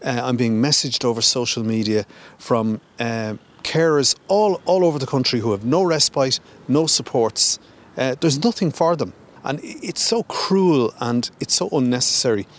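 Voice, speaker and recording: An Irish politician speaks in an interview with a mid-range voice. He builds impassioned, forceful criticism, pausing with occasional fillers. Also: medium pitch, lively intonation. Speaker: senator. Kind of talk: news interview.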